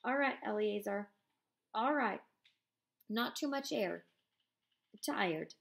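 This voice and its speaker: A woman reading aloud voices a feeble young male violinist who speaks in faint, halting, breathless phrases. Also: mid-range voice, expressive, gravelly, fairly bright tone, full character voice.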